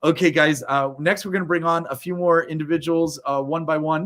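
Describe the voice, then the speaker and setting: A man's voice: fairly high pitch, fairly even intonation, brisk, hardly any pauses, fairly bright tone. A man hosting an online book launch over a video call, exuberant and jokey, rambling through frequent restarts.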